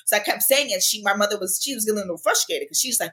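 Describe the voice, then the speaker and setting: A woman's voice: medium pitch, very fast. A woman guest on a podcast, telling stories in a casual interview and acting out the voices of people she quotes. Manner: animated, acts out quoted voices in her stories. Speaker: podcast guest, intuitive life strategist.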